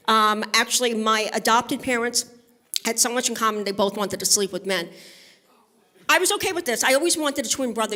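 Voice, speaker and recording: A woman from Brooklyn performs stand-up on a live studio stage. Her voice sits a little on the high side. She is brassy and conversational, and she keeps checking in with the crowd. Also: sharp tone. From Brooklyn, New York. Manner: brassy, conversational, banters with the audience. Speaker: stand-up comedian. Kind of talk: stand-up comedy set at a benefit concert.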